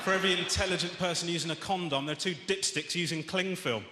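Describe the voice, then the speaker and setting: A man doing a stand-up comedy routine, ranting in exasperation and rising to shouts. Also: high-pitched, fast talker. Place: large theatre stage. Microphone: stage microphone. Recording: echoey theatre, long reverb, audience noise.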